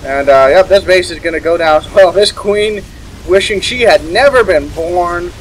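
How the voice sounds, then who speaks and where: A man's voice: high-pitched, moderate pace, slight background noise, rough recording. A young man giving casual solo commentary on a strategy game match, chuckling and correcting himself as he goes. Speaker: esports caster.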